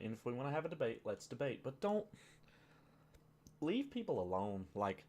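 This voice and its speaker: A man doing comedic commentary with an animated, sarcastic, profane ranting manner. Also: mid-range voice, normal speed. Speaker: video commentator.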